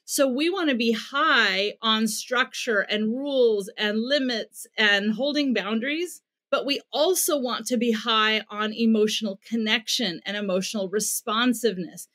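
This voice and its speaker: A woman's voice: a little high, a little slow, hardly any pauses, fairly bright tone. An American woman guesting on a podcast, earnestly explaining parenting advice and acting out bits of dialogue as she goes.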